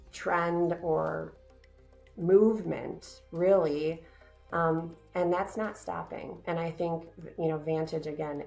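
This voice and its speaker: A woman with a low voice and a gravelly edge, answering interview questions about her company. She speaks in an earnest, upbeat way with plenty of fillers. Faint music sits underneath. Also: a little mellow. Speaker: company business development director, guest.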